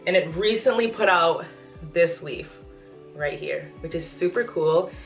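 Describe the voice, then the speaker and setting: A woman's voice: on the low side, measured pace. A young pregnant woman chatting enthusiastically through a casual plant update vlog, a little out of breath. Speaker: plant vlogger. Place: apartment room with plants, indoors. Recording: echoey room, voice from a distance, faint music.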